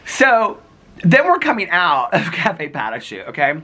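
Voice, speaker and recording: A man's voice: huge pitch swings, a little slow, bright, forceful tone. A man vlogging in a casual, chatty way, telling stories with frequent laughs and acting out what people said. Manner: chatty and giggly, acts out quoted lines in a higher voice. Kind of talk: casual storytelling vlog.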